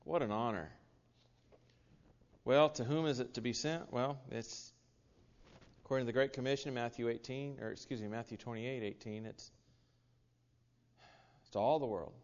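An American man delivers an earnest sermon at a middle pitch, often restarting his sentences and dropping in asides. His voice carries a long hall reverb, and the sound is a little dull. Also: moderate pace, long pauses. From United States. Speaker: preacher.

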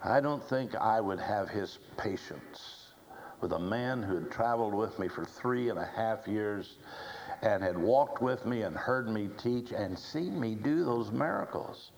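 A man preaching a sermon in a slow, unhurried delivery, quoting scripture along the way. His voice sits a little low. Faint ambient sound hangs behind him. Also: expressive, creaky, slight background noise, low-quality recording.

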